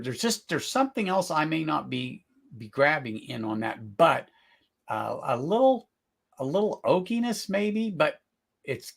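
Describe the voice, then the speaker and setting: A middle-aged man hosting a live whisky tasting, talking casually, searching for words, then bursting into excited exclamations. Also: mid-range voice, gravelly. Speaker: whisky tasting livestream host.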